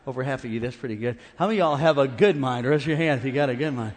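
A middle-aged man preaching a sermon as pastor, animated and calling out to his congregation. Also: medium pitch, very fast. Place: large church auditorium. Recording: reverberant church hall.

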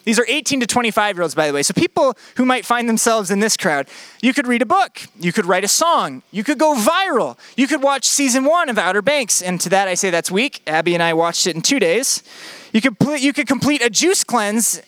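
A man's voice: sits high, big pitch swings, fairly quick, fairly bright tone, no room sound. A young man preaching a sermon as a pastor, telling personal stories in a conversational way and repeating his key phrases for emphasis. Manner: conversational storytelling with emphatic repetition.

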